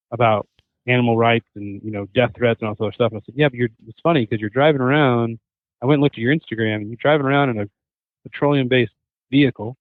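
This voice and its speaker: A man's voice: medium pitch, no echo. A man in his thirties, a hunter and chef guest on a podcast, telling stories animatedly and acting out what others said. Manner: animated storyteller, acts out quotes. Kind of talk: casual podcast chat. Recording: tinny phone-like remote line.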